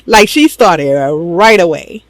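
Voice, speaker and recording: A woman's voice: lowish voice, animated, slow pace, no room sound. A woman casually recapping a TV drama episode for her viewers, gossipy and slangy, laughing often. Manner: slangy, talks straight to viewers.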